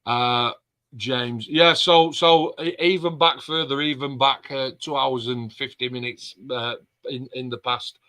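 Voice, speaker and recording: A man co-hosting a relaxed live stream chat, full of banter and cheerful swearing. His voice is bright and forward, at a mid pitch. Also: measured pace. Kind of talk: casual chat.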